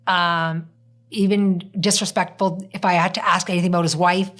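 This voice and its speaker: A woman hosting a podcast, chatting casually and telling an animated story in which she acts out what people said. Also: on the low side, normal speed. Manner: animated storytelling, acting out quoted speech. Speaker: podcast host.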